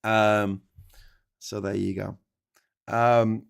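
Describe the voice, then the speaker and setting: A man's voice: on the low side, brisk. A man hosting a casual livestream chat, rambling and sweary, often tagging on "right?". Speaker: host.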